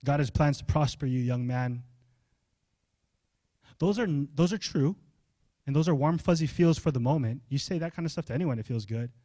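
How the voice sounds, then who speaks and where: A young adult male pastor, preaching a sermon in an animated, conversational way and asking the congregation questions. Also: fairly high pitch, normal speed, pauses often, no room sound, clean studio sound.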